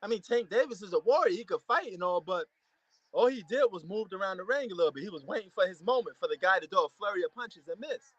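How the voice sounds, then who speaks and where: A man giving a casual, excitable reaction commentary to a boxing match, repeating himself and using slang. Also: sits high, fast talker, no room sound, muffled recording. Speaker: fight reaction host.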